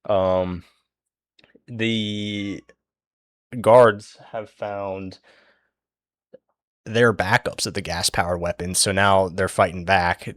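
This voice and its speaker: A man's voice: low voice, steady tone, extremely slow, long pauses, fairly bright tone, no room sound, clean studio sound. Rambling, swearing young man. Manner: rambling, profane, loses his place. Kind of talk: casual plot retelling while drawing.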